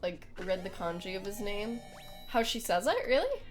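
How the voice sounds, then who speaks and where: A woman's voice: medium pitch, very animated, normal speed, music in the background. A young woman streaming a game, chatting casually and giggling as she greets her viewers. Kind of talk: casual live-stream chat during a game playthrough.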